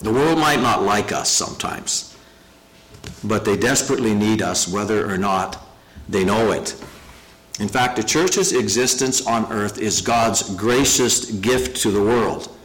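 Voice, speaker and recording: A man's voice: on the low side, a bit bright, rough recording. Man preaching an earnest sermon. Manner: earnest, emphatic preaching with slowed, stressed key phrases. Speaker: pastor.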